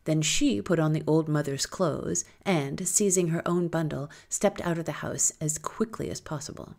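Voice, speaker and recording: A woman reading a folktale aloud in a lilting, expressive storytelling manner. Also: low-pitched, normal speed, vocal fry.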